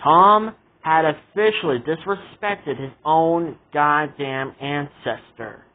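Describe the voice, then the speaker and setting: In tinny, phone-like audio, a vlogger delivers casual ranting commentary about a show. His voice is a little high and slow, and he's exasperated and indignant, circling back with repeated asides.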